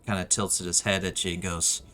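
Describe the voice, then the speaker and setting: A man's voice: low voice, level tone, a little fast, pushed and bright, slight background noise. A man narrating as game master of a tabletop game, loose and hesitant, full of fillers. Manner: loose and hesitant, full of "kinda" and "you know".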